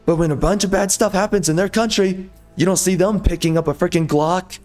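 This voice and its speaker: A man's voice: high voice, steady tone, brisk, a little mellow, soft background music. Angry sarcastic man ranting over gameplay. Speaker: gameplay video host.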